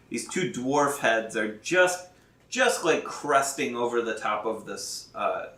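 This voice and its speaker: A man slowly narrates a tabletop game in a bright, forward voice, stopping and restarting often as he thinks. He sounds set back from the mic in an echoey room. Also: medium pitch, animated, recorded from a distance. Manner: halting, many fillers and restarts, laughs often. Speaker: dungeon master.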